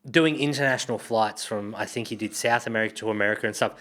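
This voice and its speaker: A man's voice: fairly low pitch, quick pace. Profane man telling tales. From Australia. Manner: profane, laughing, animated retelling. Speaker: guest comedian. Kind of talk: casual storytelling.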